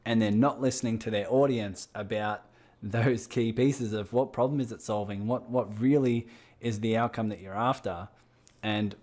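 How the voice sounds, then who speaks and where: A man's voice: fairly low pitch, fairly even intonation, normal speed, a little mellow. A man hosting an interview, thoughtfully restating and building on his guest's points in casual talk. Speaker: podcast host.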